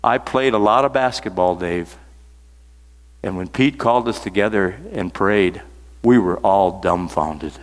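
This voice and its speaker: A man's voice: sits low, unhurried. An older man preaching a sermon, folksy and earnest, repeating key phrases for emphasis. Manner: folksy, storytelling asides. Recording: reverberant hall sound.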